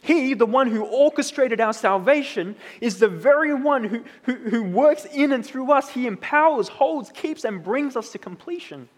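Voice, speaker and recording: A man in his thirties preaching a sermon in a relaxed, conversational way, often checking in with "right?". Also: extremely high pitch, normal speed, hardly any pauses, big-room sound. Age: 30s. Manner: conversational, tag questions like "right?".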